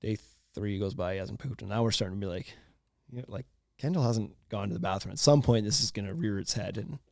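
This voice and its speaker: A man, hosting a podcast and telling a story in casual chat, animated and laughing often. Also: fairly low pitch, fast, creaky, dry recording, studio quality. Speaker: podcast host.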